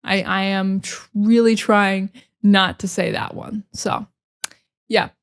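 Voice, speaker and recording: A young American woman hosting a casual solo podcast, sarcastic and expressive, slipping into dramatic mock rants. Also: medium pitch, takes it slowly, clear, resonant tone. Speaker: podcast host.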